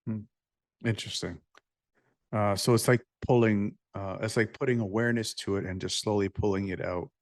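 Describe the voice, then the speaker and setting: A man's voice: fairly low pitch, steady tone, moderate pace, dry recording, clean studio sound. A man hosting a casual interview, laid-back and joking as he asks open questions. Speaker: podcast host.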